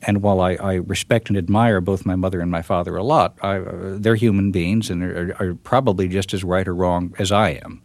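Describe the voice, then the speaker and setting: Low-voiced, thoughtful man being interviewed. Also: fairly even intonation, a little mellow, no room sound. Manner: thoughtful, halting with repeated starts. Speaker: author guest. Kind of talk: reflective interview talk.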